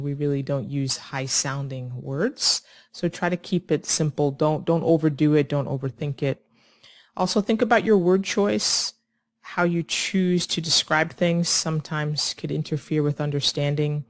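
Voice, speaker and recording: An English teacher explains speaking problems to learners in a clear, measured way. The voice sits at a middle pitch and is recorded close and dry, with no room sound. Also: no room sound. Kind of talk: scripted lesson to camera.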